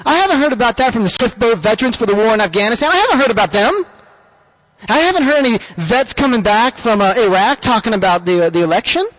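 A man's voice: very high-pitched, lively intonation, fast talker, a bit bright, rough recording. A man hosting a show, delivering an emphatic, repetitive political rant to his listeners. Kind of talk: ranting political monologue.

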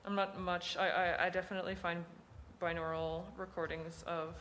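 A woman's voice: on the low side, little pitch movement, normal speed, fairly bright tone, slight background noise. A woman hosting a casual interview, thoughtful and hesitant with many fillers. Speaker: host.

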